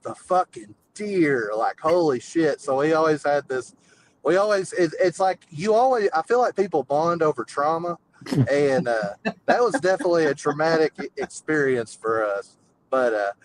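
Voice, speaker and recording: A man's voice: a little high, expressive, normal speed, a little hiss or hum, rough recording. A man calls in and tells a long, rambling story full of fillers. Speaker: caller. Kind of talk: casual storytelling.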